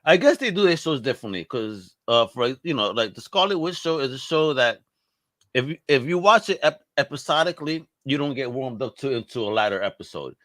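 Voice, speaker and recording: A man co-hosting a live show, chatting in a relaxed, slangy way and swearing freely. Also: mid-range voice, fairly quick, no echo, clean studio sound. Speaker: co-host. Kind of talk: casual pop-culture chat.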